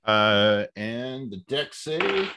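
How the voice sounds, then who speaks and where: Slow, deliberate male player with an animated pitch. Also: noisy background. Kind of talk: casual tabletop play.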